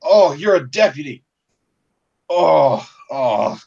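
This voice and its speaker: A man's voice: lively intonation, slow, gravelly, mellow, far from the mic, lo-fi sound, full character voice. A man playing a shot marshal yelping in pain. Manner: groaning, whiny, breaking into high yelps. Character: wounded male marshal, moaning and panicky.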